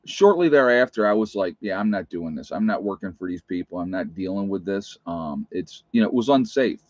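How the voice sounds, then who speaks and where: Blunt low-voiced man telling nurse stories. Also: no room sound. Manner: blunt, plainspoken, emphatic. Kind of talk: casual storytelling vlog. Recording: dull, muffled recording.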